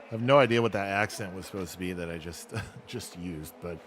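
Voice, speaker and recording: A low-pitched man gives relaxed, self-mocking play-by-play while streaming a racing game. He talks through his race results and tunes his car setup out loud. A faint hum sits behind his voice. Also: fairly quick. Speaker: gaming streamer. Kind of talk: casual live gameplay commentary.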